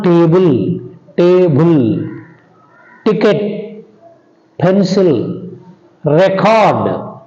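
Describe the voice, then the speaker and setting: A man with an Indian English accent teaching an English grammar lesson, slow and repetitive, often asking "understand?" and letting his pitch drop at the ends of sentences. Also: darkish tone. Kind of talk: classroom lecture. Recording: echoey room, dull lo-fi sound.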